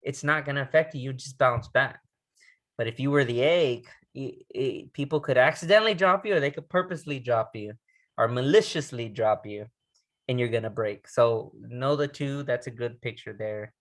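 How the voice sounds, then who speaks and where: A man's voice: mid-range voice, fairly bright tone. Man teaching resilience, conversational and questioning. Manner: conversational, restarts words, reads poetry slowly and dramatically; asks the listener questions. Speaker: resilience trainer. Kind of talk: recorded training lecture.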